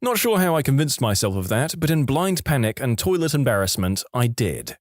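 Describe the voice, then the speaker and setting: A man reading a story aloud as narrator, in a lively, expressive way. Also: medium pitch, fairly quick, dry recording, studio quality.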